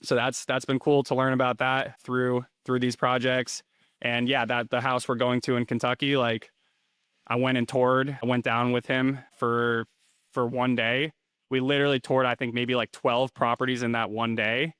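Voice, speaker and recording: Smooth-voiced rambling man, dry sound. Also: mid-range voice, level tone, moderate pace, a bit bright, no echo. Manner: rambling, filler-heavy, restarts often. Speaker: interview guest, rental investor. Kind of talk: casual interview chat.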